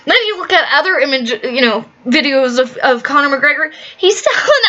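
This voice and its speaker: A woman's voice: high voice, bright, forceful tone, dull audio. A woman ranting bluntly in an opinion vlog, swearing often and restarting her sentences. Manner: profane, blunt, fast with many restarts.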